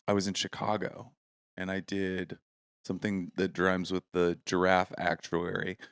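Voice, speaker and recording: A man's voice: low voice, monotone, a little slow, fairly bright tone, clean tone, no echo, studio quality. A man co-hosting a comedy podcast, rambling and trailing off with self-deprecating humor. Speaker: podcast co-host and stand-up comedian. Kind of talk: casual comedy podcast chat.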